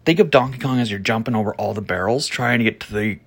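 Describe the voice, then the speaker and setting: A man telling a story about a past job as a podcast host, blunt and profane, starting slow and soft, then growing loud and heated. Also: fairly low pitch, gravelly, slightly rough. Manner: slow and soft at first, growing louder and animated. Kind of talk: casual storytelling monologue.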